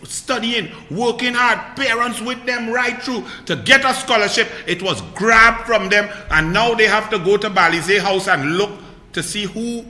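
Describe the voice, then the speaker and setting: Trini guy ranting about politics, fiery and sarcastic, high voice, super echoey room. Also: sharp tone. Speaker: political commentator. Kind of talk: heated political commentary. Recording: echoey hall with long reverb.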